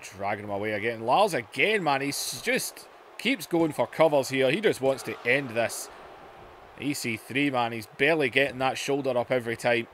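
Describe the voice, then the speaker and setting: A man giving play-by-play wrestling commentary over a video game, excitable, dropping to low muttering and then shouting at the big moves. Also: normal speed, slight background noise. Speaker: gaming YouTuber.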